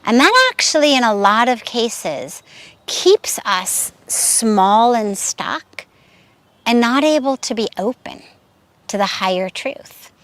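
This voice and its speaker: Slow, measured woman spiritual teacher. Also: on the high side, big pitch swings, fairly bright tone, dry recording. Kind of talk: sermon with storytelling.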